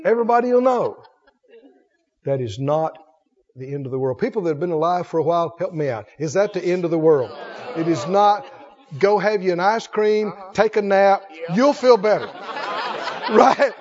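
A man preaching a sermon, folksy and animated, swinging from loud calls to low asides. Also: normal speed, some chatter behind. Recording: dull sound with long hall reverb.

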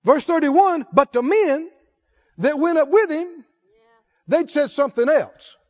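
A man's voice: very high-pitched, expressive, a little slow, a little mellow, highs cut off. A man preaching a sermon, asking questions and answering them in a folksy, call-and-response way.

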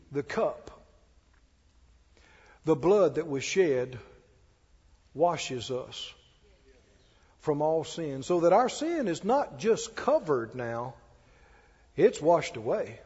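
A man's voice: fairly high pitch, very animated, slow, pauses often, a little mellow, breathy edge. A male pastor preaching a sermon in a folksy, conversational way, with chatty asides. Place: church sanctuary. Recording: dull-toned, echoey church hall.

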